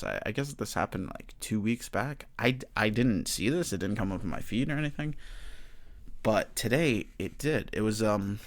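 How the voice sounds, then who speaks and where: A man's voice: medium pitch, a bit bright, no room sound. A young man hosting a solo podcast, ranting heatedly and swearing a lot. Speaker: podcast host.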